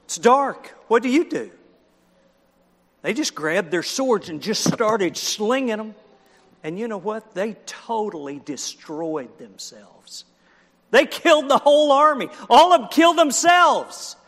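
A man's voice: sits high, animated, a little slow, fairly bright tone. A man preaching a children's sermon, telling a story with animation, acting out the characters and asking the listeners questions. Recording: long hall reverb.

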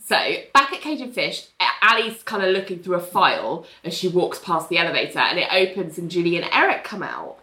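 A woman's voice: fairly low pitch, lively intonation, fairly quick, few pauses, bright, forceful tone. Chatty woman in an echoey room. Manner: chatty, laughing storyteller, full of "like". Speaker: podcast co-host. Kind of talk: casual chat recapping a TV episode.

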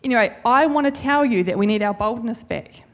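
Fairly quick and on the high side, this woman's voice carries a heartfelt, informal church talk. As a church speaker offering her testimony, she chats and rambles.

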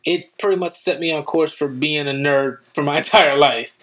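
A young man with a high-pitched voice chats casually with a friend. He is excitable and animated, often breaking into playful voices to act out what people said. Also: moderate pace. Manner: excitable, acts out quotes in voices. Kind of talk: casual chat.

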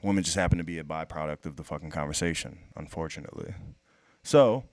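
A man's voice: very deep voice, fast, a little mellow, no echo, studio quality. A man in casual podcast chat, profane and emphatic, pressing his point with rhetorical questions.

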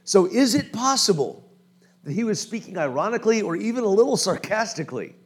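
Male pastor, informal sermon, raised pitch, breathy edge, keeps asking "we good?"-style checks. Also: sing-song, brisk. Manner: informal, often checks in with the listeners. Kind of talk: conversational sermon.

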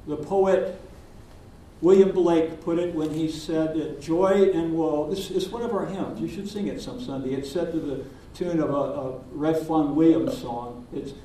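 An older man preaching in a church, telling his story slowly and gently with pauses. His voice is mellow and a bit high for a man. It is picked up from a distance and rings through a reverberant sanctuary. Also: a little hiss or hum. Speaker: minister. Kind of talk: sermon.

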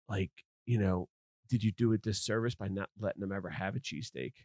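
A man's voice: lowish voice, brisk, a little mellow, dry recording, studio quality. A middle-aged man telling rambling stories in casual podcast chat, swearing freely. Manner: rambling storyteller, swears often. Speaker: podcast guest.

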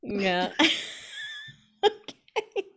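A woman's voice: medium pitch, sing-song, extremely slow. A young woman co-hosting a book podcast in casual chat, giggling and trailing off as she thinks. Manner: giggly, hesitant, laughs between words.

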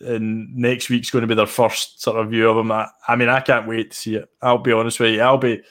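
A man's voice: mid-range voice, level tone, brisk, fairly bright tone. A man with a Scottish accent, a sim racing guest chatting casually and enthusiastically in an interview, often restarting his phrases.

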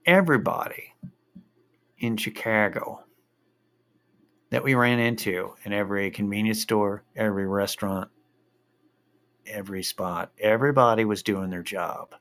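A man's voice: fairly low pitch, a little slow, pauses often, a bit bright. A man telling a rambling story in a casual monologue, swearing freely and drifting into a rant.

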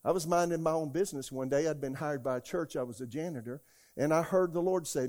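A man, preaching a sermon as a pastor. He tells stories from his own life and shouts out the lines he quotes. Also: a little high, a little fast. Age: 60s. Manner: storytelling, rising to shouts when quoting God.

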